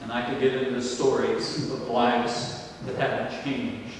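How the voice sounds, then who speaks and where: An older male pastor delivering a slow, emphatic sermon, his voice rising on exclamations. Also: medium pitch, flat delivery, slight background noise. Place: large church or banquet hall. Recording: distant, echoey hall recording.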